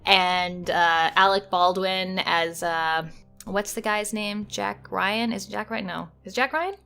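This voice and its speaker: Woman podcast co-host, bright clear voice, casual rambling movie chat, faint music behind. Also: medium pitch, fairly even intonation, a little slow. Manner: chatty, loose, lots of fillers and hedging.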